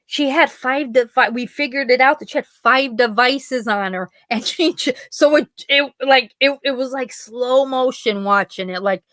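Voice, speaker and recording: A woman's voice: on the high side, a bit bright, no echo. A woman from Pennsylvania hosting a podcast, chatting casually with live listeners and telling rambling stories full of quoted dialogue. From Pennsylvania, USA. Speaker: podcast host.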